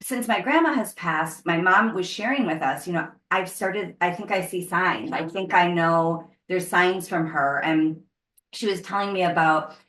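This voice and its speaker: A woman co-hosting a podcast, telling a long personal story in casual chat and acting out her own panic in sudden high bursts. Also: moderate pace, a bit bright, reverberant. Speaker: podcast co-host.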